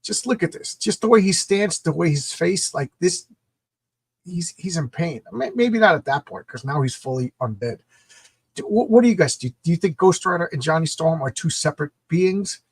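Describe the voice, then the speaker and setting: A man's voice: a little high, animated, moderate pace, slightly rough, no room sound. A middle-aged man reviewing comic books in a casual, enthusiastic, rambling way. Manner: enthusiastic, rambling, repeats words.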